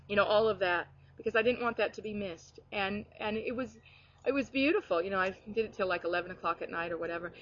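A woman telling heartfelt stories from her ministry in an animated, earnest way, often restarting her sentences. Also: medium pitch, quick pace, dull audio. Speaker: guest sharing ministry stories. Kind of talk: earnest conversational testimony.

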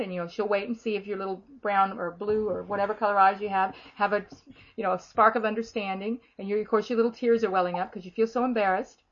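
A woman with an Australian accent preaching a sermon, telling stories in a chatty, animated way. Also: medium pitch, quick pace. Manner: conversational, animated storytelling with acted quotes. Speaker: minister. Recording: echoey room, dull lo-fi sound.

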